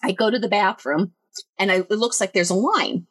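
Animated woman telling a story. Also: moderate pace, husky, no room sound. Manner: animated, swearing, acts out quoted voices higher. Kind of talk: casual storytelling.

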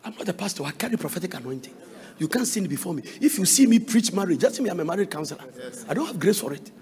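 A man preaching a sermon, telling counseling stories with shouted bursts and sing-song phrases. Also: sits high, very animated, racing, long reverb tail.

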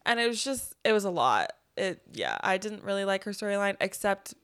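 A woman's voice: mid-range voice, a little fast, clear, resonant tone, no room sound, clean studio sound. A young woman co-hosting a podcast, chatting casually about a movie and acting out lines from it. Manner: chatty, quotes film lines in animated voices. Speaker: podcast co-host.

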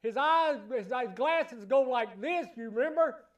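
A man preaching a sermon in church, emphatic and repetitive, building to loud exclamations. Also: extremely high pitch, animated, a little slow.

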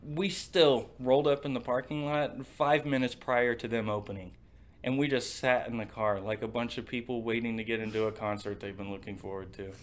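A man's voice: mid-range voice, steady tone, brisk. A young man casually co-hosting a chat, telling a rambling story and swearing often. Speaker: podcast co-host.

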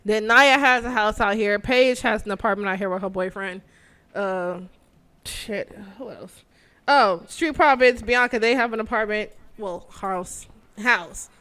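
A woman co-hosting a casual chat, excitable and swearing freely as she acts out her own reactions. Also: medium pitch, measured pace, clean tone. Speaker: podcast co-host.

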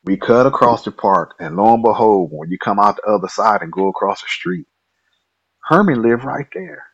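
A man guest telling a personal story in a lively, colloquial way. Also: fairly low pitch, normal speed, slightly rough, lo-fi sound.

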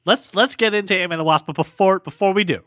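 A man's voice: high-pitched, fast, fairly bright tone, no room sound, clean studio sound. A man hosting a podcast, chatting playfully and rambling, often restarting his sentences. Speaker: podcast host. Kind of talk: casual chat.

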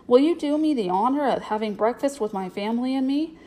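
A woman reading aloud, voicing a cheerful, kindly circus clown who talks smoothly and jovially. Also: fairly high pitch, lively intonation, a little fast, warm tone, close to an everyday voice. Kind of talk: storybook reading.

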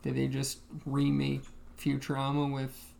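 A podcast co-host talking casually in a halting way, with many ums. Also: mid-range voice, monotone, gravelly, a crowd in the background. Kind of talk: casual chat.

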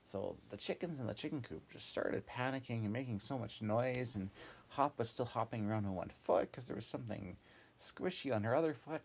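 A man's voice: medium pitch, a little fast, a little hiss or hum. A man telling an improvised children's story in a meandering, casual way, with many asides and fillers.

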